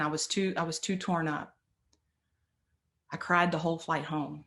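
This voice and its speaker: A woman's voice: deep voice, steady tone, normal speed, a bit bright. A middle-aged woman telling a personal story as a motivational speaker, earnest and emphatic, often repeating phrases for weight.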